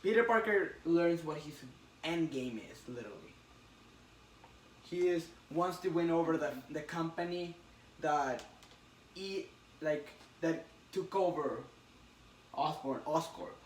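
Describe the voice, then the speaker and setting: A man casually recapping a comic story with a friend. He talks in halting bursts and acts out the characters' lines. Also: a little high. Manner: excited, halting retelling with acted quotes. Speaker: podcast co-host recapping a comic. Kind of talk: casual chat. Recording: roomy, distant mic with faint hiss.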